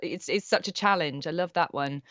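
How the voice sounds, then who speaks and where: A young woman from Wales speaks with only a faint Welsh lilt left in her voice. She talks in a bubbly, enthusiastic way, sitting somewhat low for a woman. The sound is dry and a little muffled, like remote call audio. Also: normal speed, fairly bright tone, dry recording. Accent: faint Welsh, mostly neutral British. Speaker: voice actor guest. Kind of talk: casual interview chat.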